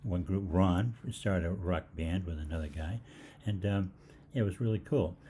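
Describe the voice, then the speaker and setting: A man's voice: low voice, normal speed, mellow, slight background noise. An older man hosting a live health Q&A, telling rambling stories with lots of fillers and restarts. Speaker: holistic health host. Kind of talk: live Q&A storytelling.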